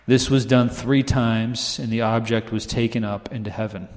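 This pastor's medium-pitched voice is steady and a little mellow, moving at a moderate pace with few pauses. He preaches like he's chatting, frequently asking "right?" and impersonating those in his stories, with long hall reverb behind him.

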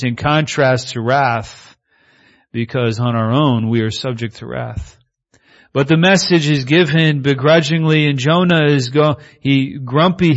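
A man preaching a sermon in a conversational style, moving between reading scripture and lively asides. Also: mid-range voice. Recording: slightly muffled recording.

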